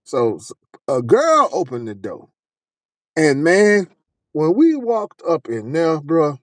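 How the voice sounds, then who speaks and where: A man telling a long personal story in a casual, animated, profane way, acting out lots of dialogue. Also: a little high, takes it slowly, no room sound.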